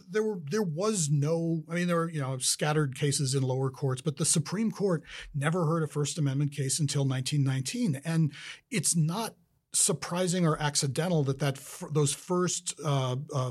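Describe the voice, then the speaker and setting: A man's voice: on the high side, darkish tone. A man being interviewed, explaining ideas in a thoughtful, conversational way with frequent restarts. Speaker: interviewee, law speaker.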